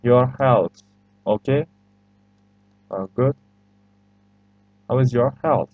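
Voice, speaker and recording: A man's voice: medium pitch, takes it slowly, no room sound. A man with a Turkish accent, a native Turkish speaker, teaching a language lesson over a screen recording. He talks with patient hesitations and repeats phrases for learners. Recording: slightly muffled lo-fi recording.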